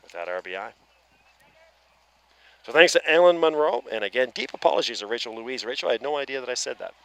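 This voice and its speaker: Atlantic Canadian male play-by-play man, bright forceful voice, chatty, ballpark booth. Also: medium pitch, fast talker, creaky, dry recording. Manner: chatty, self-deprecating, excitable on plays. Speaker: play-by-play commentator. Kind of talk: live baseball commentary. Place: outdoor ballpark broadcast booth.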